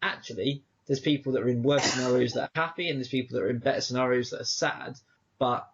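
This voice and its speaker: A man co-hosting a podcast, chatting casually and reflectively, acting out quoted exchanges as he rambles. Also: mid-range voice. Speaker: podcast co-host. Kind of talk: casual chat. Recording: dull lo-fi podcast audio.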